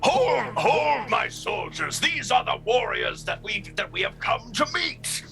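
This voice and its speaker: A man voicing a young, battle-scarred male orc warlord who gives loud, commanding orders in a tabletop game. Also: very high-pitched, big pitch swings, measured pace, creaky, faint music behind, pitched above the performer's own voice, full character voice.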